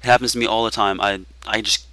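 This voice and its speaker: A Texan man doing comedic gameplay commentary in a low, bright and forceful voice. His tone is smooth and crisp, and he delivers tall-tale jokes deadpan. The sound is close and dry. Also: fast talker, no echo. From Texas. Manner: deadpan tall-tale joking with frequent uh fillers.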